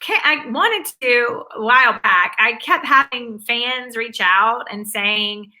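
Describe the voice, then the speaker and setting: Bright upbeat Southern woman. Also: on the high side, slow pace, poor audio. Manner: upbeat, enthusiastic, talks in long run-on answers. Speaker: guest, former academic advisor. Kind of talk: conversational interview.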